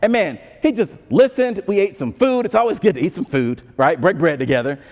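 A pastor preaches a sermon in an animated, conversational way, tossing in asides. He speaks briskly in a high voice, and the recording has long hall reverb.

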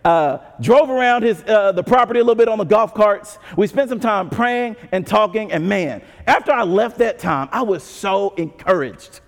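A man preaching a sermon as pastor, conversational and animated, with frequent asides to the congregation. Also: sits high, moderate pace, gravelly, hardly any pauses. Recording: long hall reverb.

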